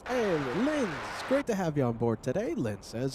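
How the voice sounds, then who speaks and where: A man's voice: sits high, very animated, a little slow, few pauses, darkish tone, slight background noise. A man hosting a live plane-spotting stream, chatting with viewers by name while he is sick. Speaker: livestream host.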